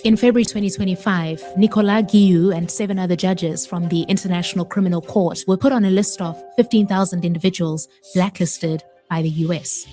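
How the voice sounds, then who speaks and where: A woman narrating a news report in a steady, even voice. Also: lowish voice, a little fast, hardly any pauses, faint music behind.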